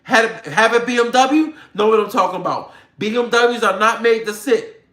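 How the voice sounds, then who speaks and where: Man doing a fired-up, profane rant straight to his viewers. Bright, edgy voice in a roomy, echoey space. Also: high voice, moderate pace. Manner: animated, profane, slangy, addresses viewers directly. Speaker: online commentator. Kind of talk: ranting talk to viewers. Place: home room with a computer. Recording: roomy echo.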